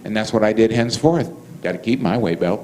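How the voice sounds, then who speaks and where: A man's voice: fairly low pitch, quick pace, crowd noise, poor audio. A man telling a story to an audience, acting out both sides of the dialogue and laughing often. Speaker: speaker telling stories.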